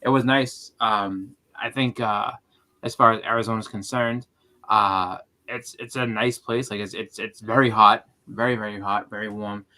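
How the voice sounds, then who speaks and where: Bright-voiced rambling storyteller man. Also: lowish voice, steady tone, normal speed. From Boston area. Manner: rambling storyteller, acts out quotes. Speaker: channel host, comic collector. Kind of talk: casual group chat on a video call.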